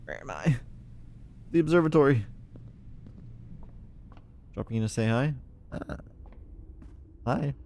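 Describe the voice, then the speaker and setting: A man's voice: mid-range voice, expressive, a little slow, pauses often, darkish tone. A man streaming a puzzle game, chatting in a laid-back, rambling, self-mocking way. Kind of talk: casual gameplay commentary.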